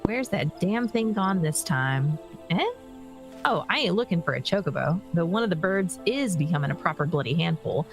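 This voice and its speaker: A woman putting on a gruff rustic stable hand. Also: lowish voice, animated, normal speed, faint music behind. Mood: grumbling. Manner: dialect-heavy, exclaiming. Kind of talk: reading game dialogue aloud.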